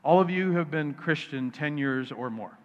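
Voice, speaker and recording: A man's voice: fairly high pitch, expressive, moderate pace. A male pastor preaching a sermon in a conversational, needling way, restarting and repeating words as he goes. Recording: reverberant hall, dull sound.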